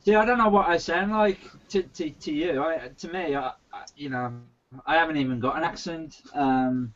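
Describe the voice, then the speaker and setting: An easygoing man with a West Midlands English accent chats as a guest on a live stream. His voice sits fairly high, and his lines come through a dull, lo-fi video call. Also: moderate pace, fairly bright tone. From England. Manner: easygoing, chuckles often. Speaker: guest author. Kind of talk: casual live-stream chat. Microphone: webcam or video call.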